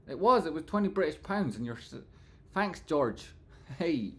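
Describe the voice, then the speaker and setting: A man's voice: fairly high pitch, sing-song, normal speed. A man hosting a live stream in casual chat, reading out and thanking viewers and breaking into playful sung phrases. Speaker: livestream host.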